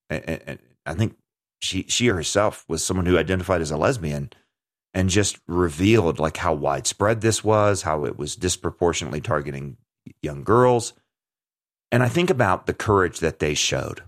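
A man with a very low voice talks through a topic in conversational commentary. He is earnest and emphatic and often restarts mid-sentence as he hosts the show. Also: expressive, normal speed.

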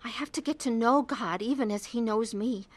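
A woman's voice: fairly high pitch, normal speed, dry recording, lightly acted. An actress playing a troubled middle-aged woman who narrates her own story in a radio drama, earnest and emotional. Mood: tearful.

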